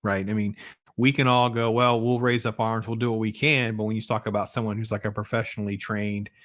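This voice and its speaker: A man hosting a casual podcast chat, enthusiastic and tagging his points with quick questions. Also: fairly low pitch, flat delivery, fairly bright tone. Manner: enthusiastic, tags remarks with "right?". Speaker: podcast host.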